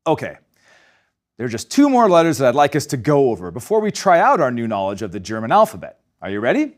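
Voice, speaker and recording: His pitch is medium, and his delivery lively as he reads a scripted German pronunciation lesson, slowing to demonstrate each individual sound.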